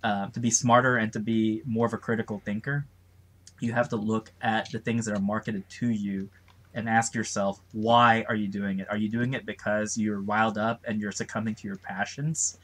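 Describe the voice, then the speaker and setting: A man's voice: fairly low pitch, flat delivery, normal speed, fairly bright tone. A man co-hosting a casual podcast chat, who laughs often and drifts into lecturing asides. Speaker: co-host.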